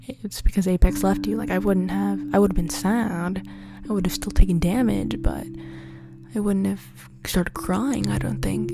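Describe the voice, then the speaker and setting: Lady kinda whispering her diary out loud, pretty flat and low, music playing under it. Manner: soft, often whispering, halting and introspective. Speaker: podcast diarist. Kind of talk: confessional personal monologue. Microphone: audio on one channel only.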